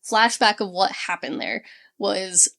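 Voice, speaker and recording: A woman's voice: medium pitch, steady tone, a little slow, gravelly, pushed and bright. Woman casually summarizing a novel's plot. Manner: plot summary full of fillers and restarts. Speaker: book club podcast co-host. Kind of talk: casual chat.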